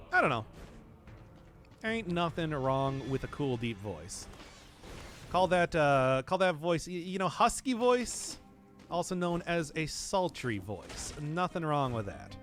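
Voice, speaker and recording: A male streamer chats casually with his viewers while gaming, rambling and chuckling often as he answers chat. His voice sits on the high side, slightly bright, with wildly swooping pitch and a slow pace, and soft music plays in the background.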